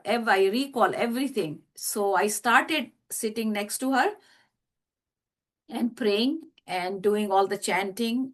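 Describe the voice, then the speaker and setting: A middle-aged woman, an interview guest, telling a personal story in a halting way with many fillers and restarts. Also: medium pitch.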